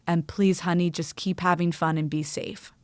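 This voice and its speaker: A woman's voice: on the low side, steady tone, no room sound, close to an everyday voice. A woman putting on a doting elderly grandmother. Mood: tender. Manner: tender, doting, unhurried. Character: loving elderly grandmother leaving a voicemail.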